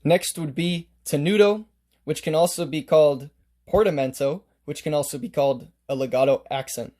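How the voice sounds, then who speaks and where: A man's voice: a little high, normal speed, dark tone. A man teaching a casual music lesson, explaining note markings step by step and playing examples on his instrument.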